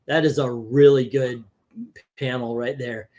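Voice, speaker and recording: A man hosting a casual comic book review chat, talking in an animated, chatty way and laughing easily. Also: mid-range voice, measured pace. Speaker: comic book show host.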